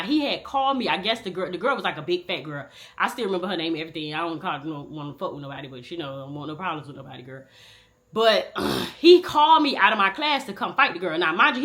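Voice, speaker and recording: A woman in her thirties, with a fairly low voice, tells a true story from her life in storytime style. She's casual, animated and profane, addressing the viewer directly.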